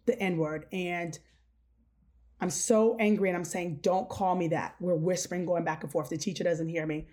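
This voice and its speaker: Here a middle-aged female podcast host recounts a childhood story with candor, performing the quoted lines. Her pitch is fairly low, her intonation fairly even, and she speaks at a moderate pace with a darkish tone, keeping it a relaxed storytelling chat.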